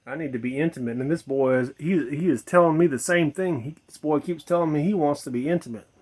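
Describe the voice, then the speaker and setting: A man's voice: fairly high pitch, fairly quick, a little mellow. A tipsy man rambling to camera outdoors at night, repeating himself, swearing and musing aloud to viewers he calls his children. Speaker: vlogger in a "Mother" persona. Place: outdoors at night beside a bar.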